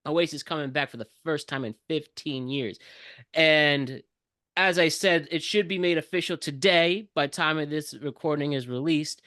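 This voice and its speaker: Man, podcast co-host, lively rundown delivery, crisp resonant tone. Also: fairly high pitch, normal speed, no echo, clean studio sound. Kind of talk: casual chat.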